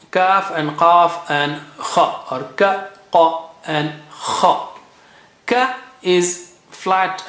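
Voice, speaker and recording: A man's voice: sits high, a bit bright. Man drilling Arabic letter sounds. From India. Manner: repeats sounds slowly for drilling, says "okay" often. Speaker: Quran recitation teacher. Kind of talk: tajweed pronunciation lesson. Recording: echoey room.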